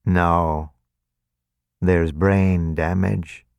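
A man voicing a cold, calculating vampire who speaks slowly and evenly, with a practiced, hollow sympathy. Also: deep voice, steady tone, creaky, clear, resonant tone, no room sound, heavily acted. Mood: cold, measured. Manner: slow, measured, detached.

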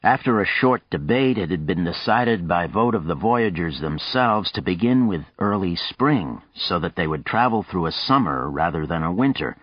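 A man narrating a novel in an audiobook with a measured, even storytelling manner and a muffled, dull sound. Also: deep voice, breathy edge, no room sound. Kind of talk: scripted narration.

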